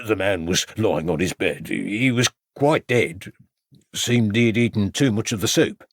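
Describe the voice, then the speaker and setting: A man's voice: on the low side, unhurried, dry recording, studio quality. A man voicing a flustered village policeman who stammers and apologizes nervously, in an audiobook reading.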